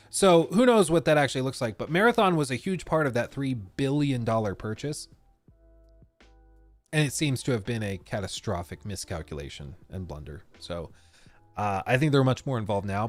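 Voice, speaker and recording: A man's voice: medium pitch, dry recording. Rambling male streamer chatting with viewers. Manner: rambling, reacting to chat with frequent restarts. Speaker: live streamer. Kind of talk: casual chat reading viewer messages.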